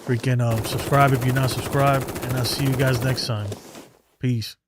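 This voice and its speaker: A man's voice: mid-range voice, little pitch movement, moderate pace, noisy background. A man hosting a live sports fan stream in loose, casual talk, sounding out of breath. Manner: loose and conversational, many "like" and "man". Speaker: sports fan show host.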